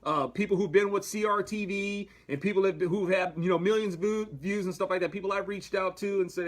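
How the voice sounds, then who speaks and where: A man hosting a casual livestream. He talks in a high, husky voice that rambles and restarts, with chuckling asides. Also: quick pace, hardly any pauses. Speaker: livestream host. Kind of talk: casual livestream Bible commentary.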